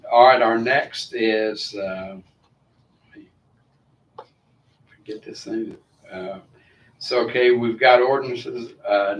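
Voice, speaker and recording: A man chairing a city committee meeting, friendly, rambling and apologetic. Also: medium pitch. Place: council meeting room. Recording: echoey room, distant mic, faint hiss.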